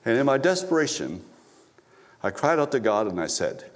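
A man's voice: mid-range voice, very animated, moderate pace. Man preaching a storytelling sermon. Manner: storytelling, repeats phrases for emphasis, frequent restarts. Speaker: pastor. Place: church.

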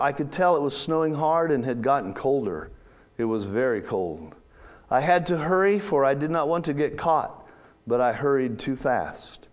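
A man telling a first-person story in a church setting, reading slowly and dramatically with drawn-out pauses. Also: fairly high pitch.

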